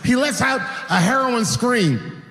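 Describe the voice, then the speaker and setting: A man performing a stand-up comedy set, telling stories with shouted bits and acted voices. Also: very high voice, slow pace, big-room sound, a little hiss or hum. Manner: animated storytelling, voices and shouts.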